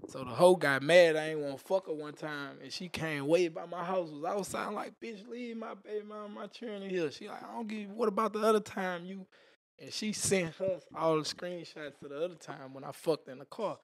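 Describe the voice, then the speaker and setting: A little fast and somewhat high-pitched, a man spins a wild yarn as a guest in a casual storytelling interview on a podcast. The telling is animated and rough-edged, full of profane slang, with spoken effects like "boom" and "vroom" scattered throughout.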